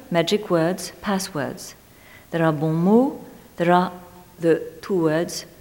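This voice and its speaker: A woman reading a literary essay aloud in a measured, deliberate way, lingering on single words. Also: lowish voice, darkish tone. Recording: long hall reverb.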